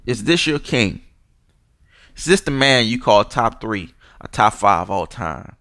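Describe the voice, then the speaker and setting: A young man vents on his podcast in a slow, seething rant. His pitch swings widely between low grumbles and sharp outbursts, and the dry, close sound puts every curse right in your ear. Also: expressive, no room sound. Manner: furious, disgusted, swearing, mocking. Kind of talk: angry profane rant.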